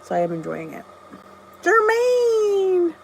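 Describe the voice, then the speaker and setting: A woman's voice: fairly high pitch, lively intonation, measured pace, slight background noise, low-quality recording. A middle-aged woman hosting a casual live stream, chatting and greeting viewers by name, often laughing at herself. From New Jersey. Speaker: channel host.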